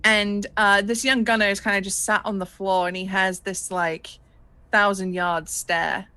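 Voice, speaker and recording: A woman's voice: mid-range voice, level tone, measured pace, pushed and bright, smooth, no room sound. A woman narrating a tabletop game as game master, casual and self-deprecating, swearing freely.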